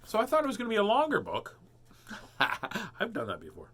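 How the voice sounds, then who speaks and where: Bright, lively male storybook reader, chatty asides, playful character lines. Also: high-pitched, normal speed, slightly rough. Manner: chatty, animated, with dramatic giant lines. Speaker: host reading picture books aloud. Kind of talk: storybook read-aloud with chat.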